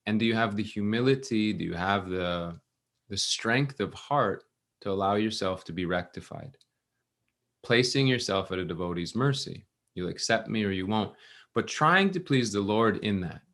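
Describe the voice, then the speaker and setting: Animated man telling a temple story. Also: on the low side, moderate pace. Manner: animated, restarts, acts out quotes. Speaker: class speaker at a temple. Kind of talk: storytelling scripture class. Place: temple class room.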